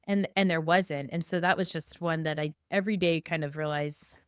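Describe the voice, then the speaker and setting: A woman realtor in a relaxed, matter-of-fact conversation about a deal. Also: low-pitched, normal speed, smooth, no echo, clean studio sound. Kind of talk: casual conversation.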